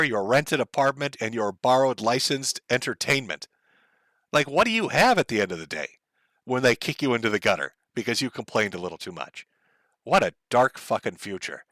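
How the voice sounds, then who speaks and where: Man, livestream host, profane sarcastic rant, lively swooping pitch, forceful edge, dry close sound. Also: no room sound. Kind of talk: ranting live commentary, reading viewer messages.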